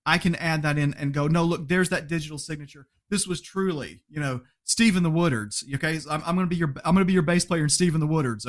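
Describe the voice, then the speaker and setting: A man who is a podcast guest, chatting casually, telling animated stories, laughing often and acting out quotes. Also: a little high, fast talker, hardly any pauses. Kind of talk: casual interview chat.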